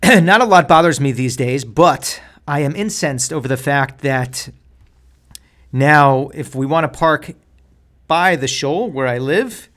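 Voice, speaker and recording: A man hosting his own comedy podcast, telling wry, deadpan stories and jokes in a casual monologue. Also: fairly high pitch, unhurried. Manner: deadpan joking, wry asides. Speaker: podcast host.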